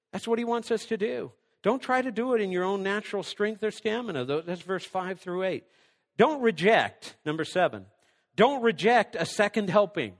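A man's voice: high voice, expressive, normal speed, creaky, in a large hall. A man preaching a sermon, reading scripture aloud and then working through numbered points, sometimes dropping almost to a whisper. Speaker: pastor.

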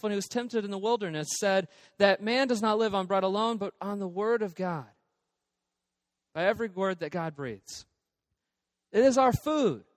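Pastor, male, high voice, dry close sound, long hall tail, chatty sermon full of ums. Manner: conversational, with many fillers and restarts.

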